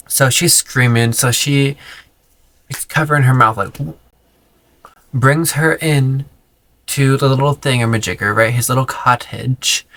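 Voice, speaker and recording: A man with a gravelly, creaky voice recapping a book in a casual vlog. He is sarcastic and profane, with a middling pitch. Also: fairly bright tone. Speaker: book vlogger.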